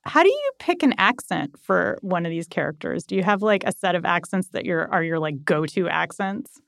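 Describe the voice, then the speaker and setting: Female podcast host, curious and playful, lively pitch, dry close sound. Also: moderate pace, gravelly, no echo. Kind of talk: casual interview chat.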